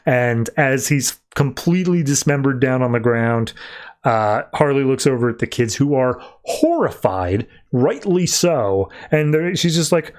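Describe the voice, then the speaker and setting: Brief: male podcast host, mid-range voice, relaxed rambling recap. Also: medium pitch, measured pace. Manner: loose, conversational retelling with many filler words. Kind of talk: casual comic book recap.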